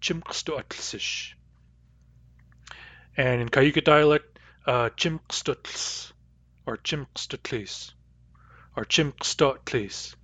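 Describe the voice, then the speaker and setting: A man teaching a language lesson, repeating each example word slowly and carefully. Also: mid-range voice, fairly bright tone, no room sound. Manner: slow, careful repetition of example words.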